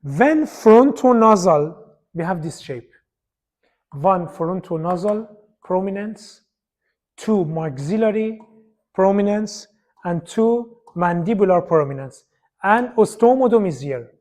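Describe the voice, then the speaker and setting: Male lecturer, high voice, repeats key terms while pointing at slides. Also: animated, slow pace, a little mellow. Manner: repetitive, pointing at slides, non-native phrasing. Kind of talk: university lecture.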